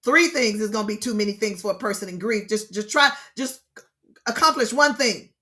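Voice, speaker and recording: A middle-aged woman, leading an online grief session in a lively teaching style, expressive and preacher-like, repeating her key points. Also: mid-range voice, brisk.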